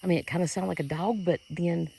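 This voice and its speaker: A vlogger in a rural yard at night, puzzled and talking in hushed bursts into a handheld phone. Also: medium pitch, fairly even intonation, quick pace, vocal fry, a little hiss or hum, poor audio. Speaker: vlogger investigating sounds. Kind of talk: casual outdoor vlog. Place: outdoors at night in a rural yard by a wooded ridge.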